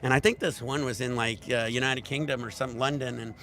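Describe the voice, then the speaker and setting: A man's voice: mid-range voice, fairly even intonation, fast, sharp tone. A man hosting a casual livestream, telling rambling, profane stories at a resort bar. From United States. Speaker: livestream host.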